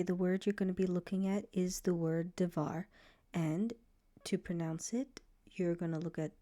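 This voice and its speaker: A woman teaching a beginner Hebrew lesson, patiently repeating letter sounds slowly to show how they are pronounced. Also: fairly low pitch, warm tone.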